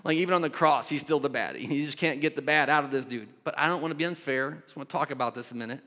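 A man preaching a sermon in an animated way, shifting from loud bursts to quiet asides. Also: fairly high pitch, fast talker. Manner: animated, acts out voices, swings from loud to soft. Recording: long hall reverb.

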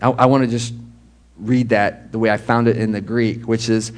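Guy preaching, chatty and animated, asks the room questions, mid pitch. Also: normal speed. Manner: conversational, animated preaching with asides and laughs. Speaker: pastor. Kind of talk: sermon.

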